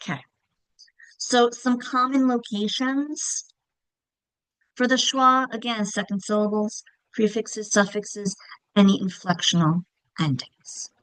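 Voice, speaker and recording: In this low-quality, echo-free recording, a woman with a mid-range, fairly bright voice speaks slowly and fairly evenly. She's leading a teacher training lesson on reading instruction, patient and often asking "okay?" or "right?", and she models words by whispering, clapping and calling them out.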